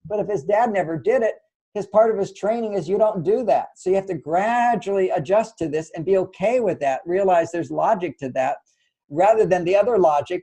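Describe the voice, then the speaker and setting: An older man giving relationship advice in an interview, explaining gently and acting out small exchanges between partners. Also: high-pitched, animated, fairly quick, slightly rough, low-quality recording. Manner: gentle, explanatory, acts out little dialogues. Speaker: relationship author and guest.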